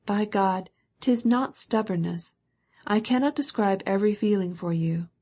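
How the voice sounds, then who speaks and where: A woman's voice: medium pitch, a little slow, mellow, close to an everyday voice. Woman voicing an upset young count. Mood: pleading. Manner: pleading, emotional.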